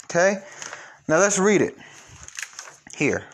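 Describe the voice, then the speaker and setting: A man giving a preachy monologue to his viewers, emphatic, swinging between loud and low. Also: big pitch swings, slow, a little hiss or hum.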